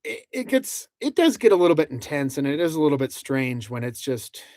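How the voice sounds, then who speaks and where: A man's voice: fairly high pitch, big pitch swings, brisk, darkish tone, dry recording, studio quality. A man hosting a casual livestream from inside a truck camper, rambling with many restarts as he reads out viewer comments. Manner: rambling, many restarts, laughs between lines. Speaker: livestream host.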